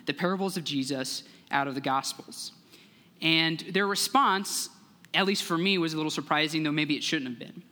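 A young man giving a sermon as a guest speaker, telling a story in an earnest, measured way and acting out the voices in it. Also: on the high side, pushed and bright. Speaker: guest speaker, church relations director. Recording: long hall reverb.

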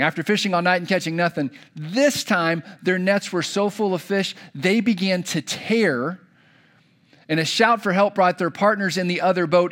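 A man's voice: high-pitched, a bit bright. A young adult man preaching a sermon to kids, telling a story and acting out the characters' lines. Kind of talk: children's sermon.

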